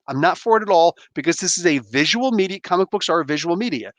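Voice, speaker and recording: A man in his thirties hosting a casual livestream chat from home on a headset mic, rambling and animated with lots of fillers and restarts. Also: sits high, fast talker, no echo. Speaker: livestream host. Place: home room. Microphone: gaming headset.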